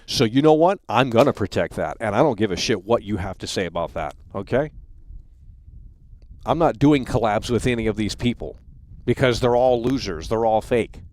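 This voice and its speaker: A man's voice: fairly low pitch, expressive, normal speed, a little mellow. A man in his thirties hosting a live stream, ranting in a heated, profane way and stumbling over repeated words. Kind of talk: angry livestream rant.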